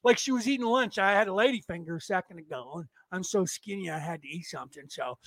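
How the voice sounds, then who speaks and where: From a desk setup, a man hosts a rambling, profane comedic rant, laughing at his own jokes. His voice is high-pitched, very animated, a bit bright and fairly quick, and the recording is dry.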